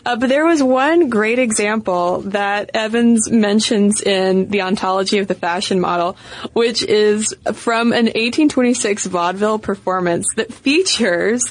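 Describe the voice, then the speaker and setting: A woman's voice: mid-range voice, a little slow. A woman co-hosting a podcast in casual chat, chatty and playful, often laughing through her asides. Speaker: podcast co-host.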